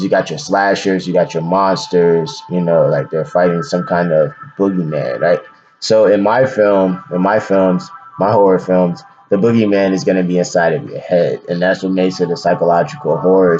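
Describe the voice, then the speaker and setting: Deep-voiced man talking slowly and loosely. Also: darkish tone, muffled recording. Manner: slow, rambling, loose slangy talk with many fillers. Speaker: independent filmmaker. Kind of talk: casual explanation of his film.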